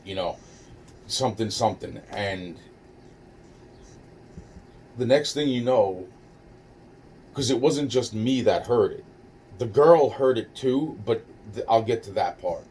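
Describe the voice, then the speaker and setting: Man, casual storytelling, profane, rambling, mid-pitched, distant mic. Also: slow, long pauses, a little mellow, husky. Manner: rambling, profane, many restarts and fillers. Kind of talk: casual first-person storytelling. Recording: distant mic with faint noise.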